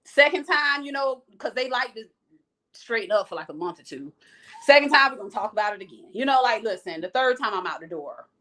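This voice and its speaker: Frank, animated woman hosting a livestream. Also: on the high side, fairly quick. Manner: frank, animated, talks straight to the viewers. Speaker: host of a live chat show. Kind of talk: casual livestream talk, reading viewer comments.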